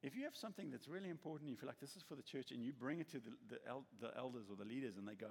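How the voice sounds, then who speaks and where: In an echoey church hall with long reverb, a male pastor preaches a sermon, telling stories and acting out the voices of the people he quotes. His medium-pitched voice is creaky with a breathy edge, and he speaks very fast with few pauses, in an animated storytelling manner.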